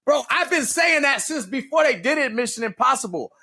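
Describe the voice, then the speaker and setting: A man in his forties with a high, gravelly voice, telling stories as a podcast guest. His pitch swings widely as he talks, and he swears freely and laughs often. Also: fairly quick, a little hiss or hum. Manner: profane, animated, laughs a lot, does voices. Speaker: guest, former Navy SEAL. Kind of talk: casual podcast storytelling.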